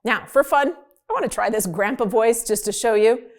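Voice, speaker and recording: A woman's voice: on the high side, moderate pace. A woman hosting an explainer video, talking in a chatty, upbeat and emphatic way. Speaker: host.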